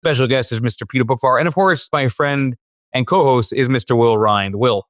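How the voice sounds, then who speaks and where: A man's voice: medium pitch, brisk, fairly bright tone, dry recording, studio quality. A man hosting a finance podcast, introducing his co-host and guest in a friendly, upbeat way with some fillers.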